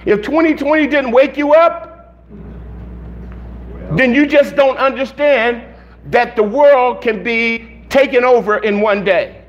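A man with a high voice preaches a sermon in an unhurried, drawn-out way. He talks conversationally, often restarting and repeating his phrases. The recording sounds dull and lo-fi. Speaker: pastor.

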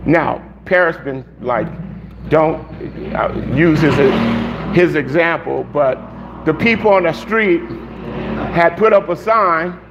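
A man with a high voice preaches a sermon in an unhurried, drawn-out way. He talks conversationally, often restarting and repeating his phrases. The recording sounds dull and lo-fi. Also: background noise. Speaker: pastor.

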